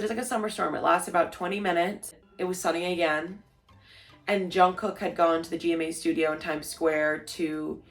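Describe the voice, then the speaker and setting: A young woman telling a story in a casual vlog, gushing and full of "like", acting out what people said. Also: fairly low pitch. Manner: gushing, lots of "like", acts out quotes. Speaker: vlogger.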